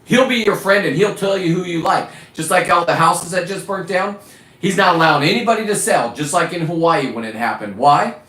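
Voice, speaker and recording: A man's voice: high voice, brisk, bright, forceful tone, roomy sound, low-quality recording. A middle-aged man hosting a live stream, ranting in a blunt, profane, rambling way. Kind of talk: casual live-stream rant.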